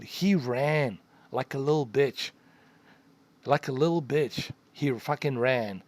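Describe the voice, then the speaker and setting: A man's voice: mid-range voice, dry recording. Profane rambling man telling a story. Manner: profane, rambling, emphatic, repeats himself. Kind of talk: casual storytelling to viewers.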